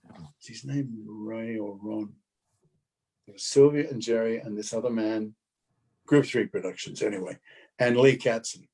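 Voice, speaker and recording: A man in his seventies with an Australian accent, a guest actor telling anecdotes in a lively way. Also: on the low side, a little slow, long pauses. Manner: lively, acts out other people's lines in quotes. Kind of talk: anecdotal storytelling.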